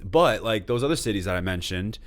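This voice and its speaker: A man's voice: on the low side, lively intonation, a little fast. A man of about thirty from the North Shore of Massachusetts, a podcast guest talking in a laid-back, rambling way with many fillers. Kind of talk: casual chat.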